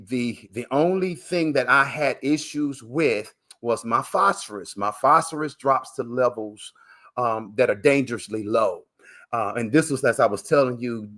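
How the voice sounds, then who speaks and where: On a live video call broadcast, a guest who is both a coach and a transplant recipient talks in a medium-pitched, fairly bright voice. His manner is fervent and preacher-like, emotional, riddled with fillers and repetition, and he calls the listener "man."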